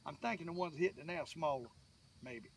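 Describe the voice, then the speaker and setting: A man's voice: on the high side, animated, fast, vocal fry, slight background noise. An older man with a Southern US accent, chatting in a folksy, rambling way to viewers while fishing from a boat on a lake. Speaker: fishing vlogger. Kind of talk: casual fishing vlog talk. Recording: distant mic, faint outdoor ambience.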